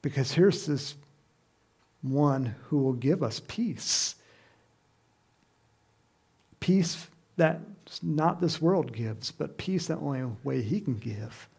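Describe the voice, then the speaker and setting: A slow, unhurried man preaching a sermon, his voice gravelly with a touch of fry. He speaks at a slightly higher pitch than most men and keeps it conversational, turning to his listeners with questions as he goes. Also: expressive, warm tone. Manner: conversational, asks the congregation questions, laughs.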